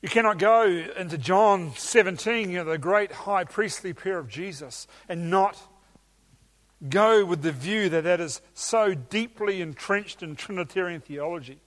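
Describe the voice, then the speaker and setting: A man's voice: high voice, measured pace, a bit bright. A man preaching a teaching sermon with emphatic enthusiasm and some hesitations.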